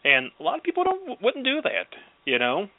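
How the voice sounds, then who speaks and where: A man's voice: sits high, huge pitch swings, normal speed, dry recording. A man hosting a radio interview, sympathetic and chatty with his guest. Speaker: radio host. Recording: tinny phone-like line, dry.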